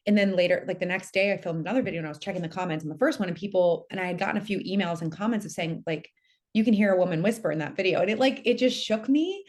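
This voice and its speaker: A woman's voice: on the low side, racing. A woman guest telling a spooky personal story in casual conversation, chatty with lots of fillers. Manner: animated storytelling with many fillers. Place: lives in Tennessee.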